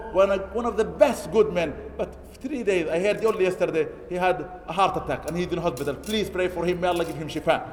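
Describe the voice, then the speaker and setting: A high-pitched man preaches quickly and emphatically, reciting Arabic quotes and then explaining them. His voice carries a long, echoing reverb, the sound of a mosque hall. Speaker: imam preaching an Eid sermon. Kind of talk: sermon. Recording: echoey hall.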